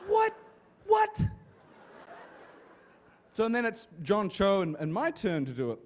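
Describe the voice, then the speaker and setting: A man telling casual, lively anecdotes to an audience as a guest on a convention panel. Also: high voice, brisk. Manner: lively storyteller with restarts and swearing.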